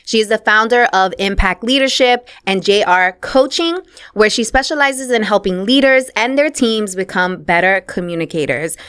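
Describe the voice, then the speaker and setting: A woman's voice: medium pitch, lively intonation, normal speed, a bit bright, clear, resonant tone. A woman hosting an interview podcast in a casual, playful way, with slang and Spanish words mixed in. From Puerto Rican heritage. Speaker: podcast host.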